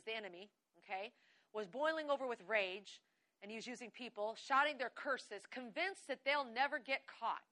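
A woman preaching with a high, ringing voice. She is exuberant and bursts into laughter often. She reads scripture slowly and with emphasis. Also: pushed and bright. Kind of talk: sermon.

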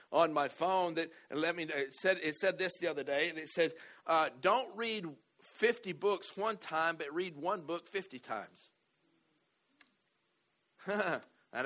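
A man's voice: sits high, pushed and bright. A male pastor preaching a sermon in a church hall, stressing key words, repeating phrases and often restarting his sentences. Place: church hall with a pole in the room.

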